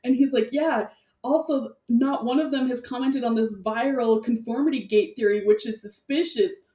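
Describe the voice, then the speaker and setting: A woman with a fairly high voice co-hosts a podcast, rambling excitedly and laughing often in loose, filler-heavy casual chat at normal speed. She sits back from the mic, and the room adds a clear echo.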